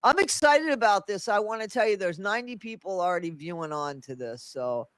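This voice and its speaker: High-voiced stuffy man hosting a livestream. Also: expressive, fairly bright tone, dry recording. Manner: halting, restarts often. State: stuffy, congested. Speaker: livestream host. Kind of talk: casual livestream chat.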